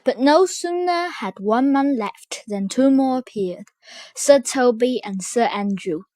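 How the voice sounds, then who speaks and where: A woman narrating a children's storybook in an expressive storytelling manner. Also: fairly high pitch, measured pace, no echo.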